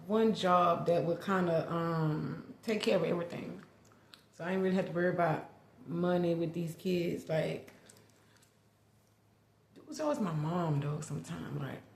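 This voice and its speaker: A woman's voice: lowish voice, vocal fry. A middle-aged woman, candidly telling a personal family story with lots of "like" and restarts. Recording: echoey room.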